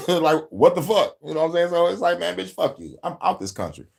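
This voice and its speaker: A man's voice: a little high, sing-song, brisk, vocal fry, a little mellow, slightly rough. Profane laughing man ranting casually. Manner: profane, laughing, acts out quotes. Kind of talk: casual rant.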